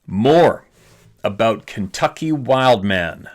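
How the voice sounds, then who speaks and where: Brief: middle-aged male podcast host, low-pitched voice, laid-back rambling delivery, reads listener emails in a plain casual tone. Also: normal speed, fairly bright tone. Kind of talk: casual storytelling and reading aloud.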